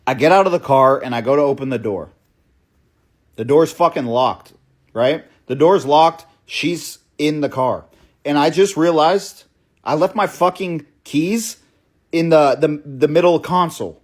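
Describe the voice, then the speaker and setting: A young man tells a story in an excited, breathless rush, restarting his sentences as he goes. His voice sits a little higher than most men's. He swears freely and keeps checking in with the listener. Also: unhurried. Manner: casual, profane, keeps asking "right?" and saying "bro". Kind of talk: storytime monologue.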